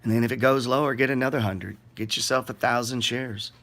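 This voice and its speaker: A man's voice: medium pitch, fairly even intonation, fairly quick, a bit bright. Profane, blunt man ranting about markets. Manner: blunt, profane, sarcastic, rambling. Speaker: market commentary host. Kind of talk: casual ranting market commentary.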